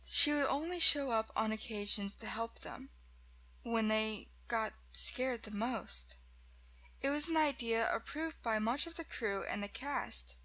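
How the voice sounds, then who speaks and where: A woman slowly narrating a first-person horror story in a measured way. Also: on the high side, sharp tone, low-quality recording.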